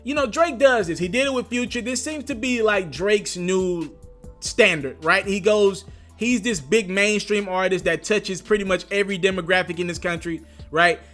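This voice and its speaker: A man giving casual hip-hop commentary on his own channel, speaking in an animated, slangy, emphatic way. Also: high-pitched, moderate pace, soft background music.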